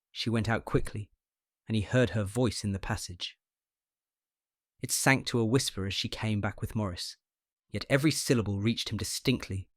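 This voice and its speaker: An audiobook reader, a man with a fairly low voice, narrates a scripted short story in a measured, unhurried storytelling style. The recording is clean studio audio with no room sound.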